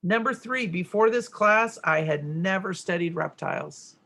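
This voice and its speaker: A middle-aged woman walks through a grammar worksheet lesson, explaining each answer step by step and often checking in with "right?". Her voice has a gravelly edge and a bright, forceful tone. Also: fairly low pitch, a little slow. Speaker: teacher.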